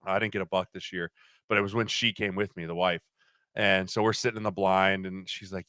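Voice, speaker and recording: A man in his thirties, a podcast guest, chatting casually and telling animated stories, acting out what people said. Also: low-pitched, fast, clean tone, no echo. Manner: animated storyteller, acts out quotes. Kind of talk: casual chat.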